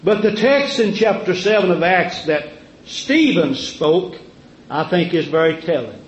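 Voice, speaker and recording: Man, preacher, drawn-out sermon delivery, rhetorical questions, unhurried, echoey room. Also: high-pitched, sing-song, highs cut off.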